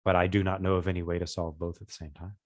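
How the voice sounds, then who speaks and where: A man voicing a solemn female nature goddess who speaks through animals, with slow, grave, measured questioning. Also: deep voice, little pitch movement, no echo, studio quality, pitched below the performer's own voice, lightly acted.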